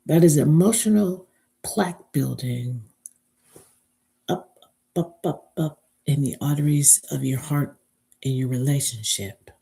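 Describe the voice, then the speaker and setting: A woman's voice: low-pitched, measured pace, vocal fry, long pauses, dark tone, slightly rough. A woman speaking as a relationship speaker in a live motivational talk. She talks emphatically, spells out key words letter by letter, and asks listeners to repeat after her.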